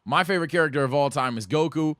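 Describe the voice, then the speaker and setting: Young man, anime commentary, slangy, excitable, stumbles over repeated words, fairly high voice, dry close sound. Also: fast talker, no room sound. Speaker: anime reaction streamer.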